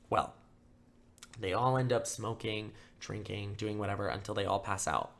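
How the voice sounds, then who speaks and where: A young man hosting a true-crime podcast, telling the story casually with lots of fillers and flat acted-out quotes. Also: lowish voice, normal speed, creaky. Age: young adult. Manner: casual, filler-heavy, acts out quotes in flat mock voices. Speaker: podcast host.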